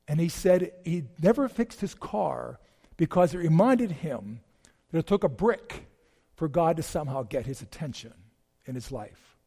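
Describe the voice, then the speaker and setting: A man's voice: high-pitched, mellow, in a large hall. A man preaching a homily, telling a story in a conversational, folksy way with emphatic repetition.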